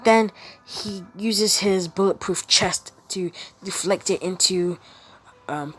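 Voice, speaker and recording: A woman's voice: medium pitch, slow. A woman casually retelling a made-up story, rambling and stringing events with quoted lines.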